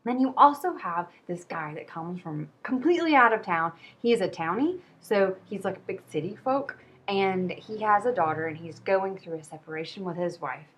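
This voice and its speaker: A woman's voice: medium pitch, expressive, moderate pace, a bit bright, slightly rough. Chatty woman reviewing a book. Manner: chatty, rambling, self-deprecating. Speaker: book vlogger. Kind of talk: casual book review chat.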